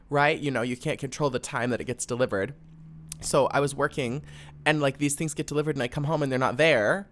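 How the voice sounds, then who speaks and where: A man's voice: medium pitch, fairly bright tone. A young man hosting a solo podcast, ranting in a loose, rambling way and swearing freely. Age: young adult. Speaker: podcast host. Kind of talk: casual solo podcast rant.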